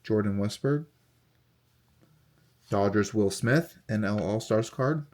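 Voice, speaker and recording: A young man casually talking through a card unboxing, reading off player names in a steady, relaxed list. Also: fairly low pitch, slow pace. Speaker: card collector unboxing host.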